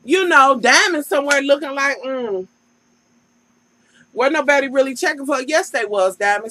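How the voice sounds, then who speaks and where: A woman's voice: high-pitched, normal speed, pushed and bright, low-quality recording. A woman vlogger giving a sassy, profane, casual recap of a reality TV show and talking straight to the cast.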